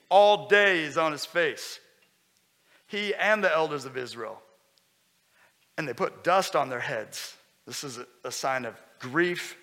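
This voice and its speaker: A man preaching a sermon as pastor, conversational and lively, with sudden loud bursts. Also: fairly high pitch. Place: church hall. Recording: long hall reverb.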